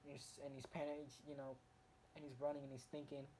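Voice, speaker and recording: A man casually reviewing a comic book, excitedly retelling the story in a rambling way full of fillers and restarts. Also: medium pitch, a little fast, slight background noise, low-quality recording.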